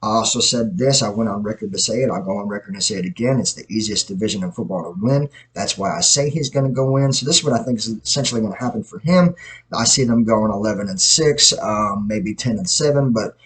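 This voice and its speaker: A man with a lowish, somewhat bright voice speaks fast on a low-quality recording. He hosts his own self-produced podcast on a podcast mic, offering blunt, opinionated sports takes in a rambling, casual style and often correcting himself.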